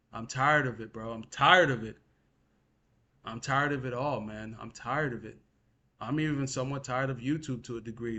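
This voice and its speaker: With a mid-range voice of fairly bright tone, this young man rants in frustration to his audience. He keeps repeating himself, swears as he goes, and addresses the listener as "bro."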